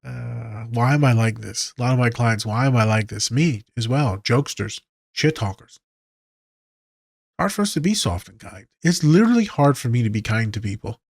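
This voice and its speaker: Gravelly, profane man musing on a podcast. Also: mid-range voice, lively intonation, normal speed, dry recording, studio quality. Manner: candid, profane, joking. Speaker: therapist and podcast host. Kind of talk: casual podcast monologue.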